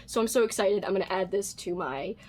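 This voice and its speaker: A woman's voice: medium pitch, fairly quick, darkish tone. A woman book vlogger chatting casually through a haul video, bubbly and gushing over cute things with a self-mocking streak.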